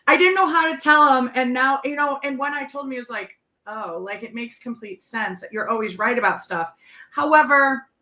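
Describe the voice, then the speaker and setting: A woman in her thirties talks on a video call in a quick, animated run of stories, laughing as she goes. Her voice is bright and forceful, sitting a little high. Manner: chatty, laughs often, quick animated storytelling. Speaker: guest medium. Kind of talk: casual chat.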